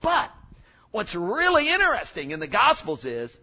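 A man's voice: high-pitched, wildly swooping pitch, normal speed, bright, forceful tone, lo-fi sound. A male preacher giving a sermon, joking and emphatic, working up from asides to strong points.

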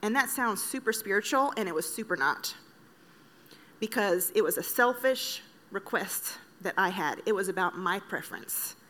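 A woman's voice: mid-range voice, expressive, normal speed, bright, forceful tone. A woman from Kenya, a missionary, giving an earnest, conversational personal testimony to an audience, with light joking asides. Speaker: missionary speaker.

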